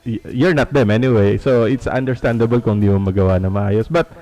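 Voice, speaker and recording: A man's voice: fairly low pitch, fairly even intonation, a little fast, warm tone. A man hosting an internet radio interview. He hesitates a lot and switches between English and Tagalog. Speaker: radio host.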